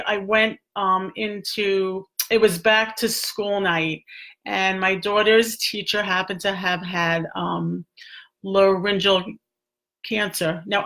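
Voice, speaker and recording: A middle-aged woman talks through advice in an easy, chatty way, full of fillers and restarts. Her voice sits at a middle pitch, like a therapist explaining things to a client. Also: sharp tone. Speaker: speech and stuttering therapist. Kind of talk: casual advice talk.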